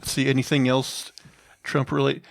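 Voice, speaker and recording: A man's voice: medium pitch, completely flat delivery, measured pace, vocal fry, no room sound. A man co-hosting a comedy podcast, rambling through stories in a laid-back way. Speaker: podcast co-host. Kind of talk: casual comedic chat.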